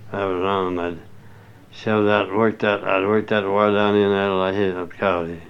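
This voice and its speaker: A man's voice: deep voice, level tone, moderate pace, smooth. An older man being interviewed, telling rambling stories in a folksy, salty way with chuckles. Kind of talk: rambling oral-history storytelling. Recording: muffled lo-fi recording.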